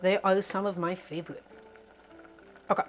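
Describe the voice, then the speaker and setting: Speaking at a moderate pace over soft background music, a woman cooks live at home and keeps up a cheerful, chatty conversation with her viewers, talking to the chat directly in a mid-range, fairly even voice.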